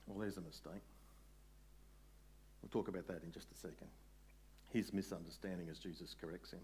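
A man preaching a sermon in a conversational way, putting questions to his listeners and slowing down on key words. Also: deep voice, fairly even intonation, a little mellow, slightly rough. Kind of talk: sermon, Bible exposition.

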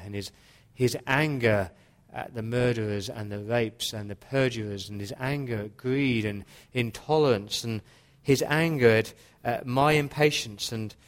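A man preaching a sermon in a church, earnest, slowing into quiet dramatic pauses. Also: medium pitch. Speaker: pastor.

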